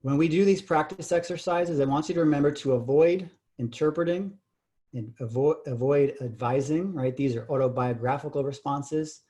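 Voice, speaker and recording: A man's voice: fairly high pitch, moderate pace, mellow. A man leading a communication workshop, explaining patiently and checking in with "right?" tag questions. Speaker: communication trainer. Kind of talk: workshop lecture.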